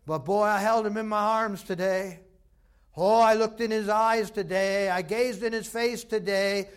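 Old male prophet, voiced by a preacher: high-ish, folksy, awestruck. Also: fairly even intonation, measured pace, clean tone. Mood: awed. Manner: folksy, breathless wonder.

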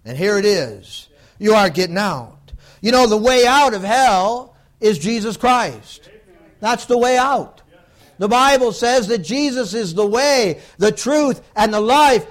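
A man preaching a fervent sermon, swinging between loud outbursts and low hushed warnings.

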